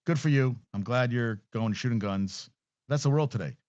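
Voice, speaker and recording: A man's voice: mid-range voice, normal speed, darkish tone, dry recording. A man hosting a sports podcast, giving casual solo commentary with blunt, profane rants. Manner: blunt, profane, ranting asides. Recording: dull, dry lo-fi sound.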